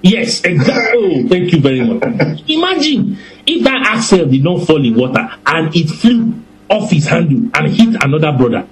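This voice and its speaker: A man preaching a sermon in a deliberate, animated way that often breaks into laughter. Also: a little high, low-quality recording.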